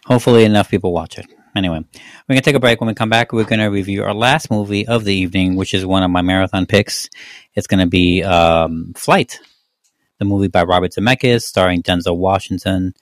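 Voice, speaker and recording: A man from Mexico with a slight Mexican accent hosts a casual movie-review podcast, rambling with lots of fillers and restarts. His voice is deep and fairly quick, with no room sound.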